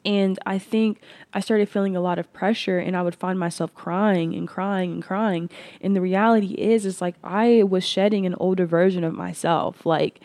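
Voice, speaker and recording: Dry, low-voiced woman musing aloud. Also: steady tone, moderate pace, darkish tone, dry recording. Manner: earnest, frequent restarts and "like" fillers. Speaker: podcast host. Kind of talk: reflective personal monologue.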